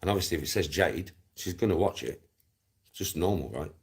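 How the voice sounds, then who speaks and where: A man's voice: low voice, fairly quick, husky. A middle-aged man with a Black Country accent ranting on a livestream, sweary, scornful and repetitive. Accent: Black Country English. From England. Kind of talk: angry livestream rant.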